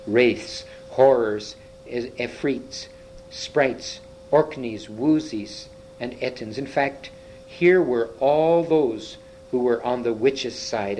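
A man reading a children's fantasy story aloud, slowly and a little haltingly, with small slips and restarts. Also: mid-range voice, a little mellow, slight background noise, low-quality recording. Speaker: reader.

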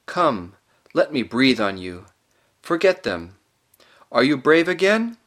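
A majestic storybook lion speaks in a deep, grave voice, slow and measured, as a male narrator puts him on. He sounds low and weighty, commanding and gentle at once. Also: sing-song. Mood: tender.

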